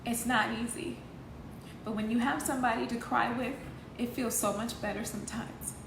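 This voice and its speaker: Woman life coach, fairly high voice, intense and heartfelt, roomy echo with background noise. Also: steady tone, normal speed, vocal fry. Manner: earnest, intense, faith-filled, emotional. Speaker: healing coach. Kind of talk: emotional live talk to viewers. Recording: echoey room with noise.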